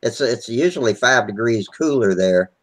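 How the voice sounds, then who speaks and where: A man's voice: medium pitch, animated, moderate pace, low-quality recording. A man chatting on a video call, telling rambling, salty stories and laughing easily. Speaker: regular on a hobby video hangout. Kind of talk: casual chat, swapping stories.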